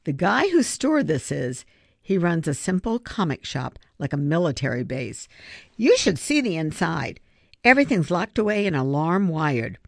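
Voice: medium pitch, sing-song, normal speed, gravelly, no room sound, studio quality. A reader voicing Griffin, a scheming schoolboy. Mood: urgent. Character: scheming quick-witted schoolboy. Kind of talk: audiobook character reading.

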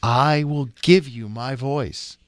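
A man's voice: medium pitch, slow, no room sound, clean studio sound, lightly acted. A man voicing a small, kind brown jay bird in a storybook, speaking in an eager, friendly way.

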